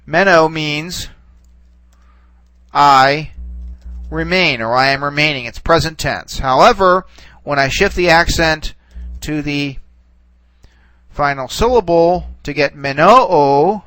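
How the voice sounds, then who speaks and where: Halting, reassuring man teaching a lesson. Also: fairly high pitch, clear, resonant tone, no echo, poor audio. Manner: halting, full of restarts and "okay"s; relaxed and reassuring. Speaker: Greek teacher. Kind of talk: recorded classroom lecture.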